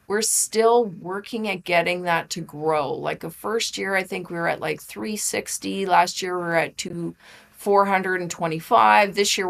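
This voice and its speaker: A woman talking as a podcast guest, chatty and animated, with lots of "like" and quick laughs. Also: mid-range voice, vocal fry. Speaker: podcast guest, holistic practitioner and author. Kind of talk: casual interview chat.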